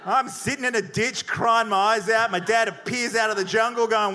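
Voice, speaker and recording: A man with a fairly high voice tells a story on stage with animated, profane punch. His delivery swings and lands each beat for laughs. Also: fairly quick, few pauses, noisy background. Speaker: comedian debater. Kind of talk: stand-up storytelling. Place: comedy venue with audience.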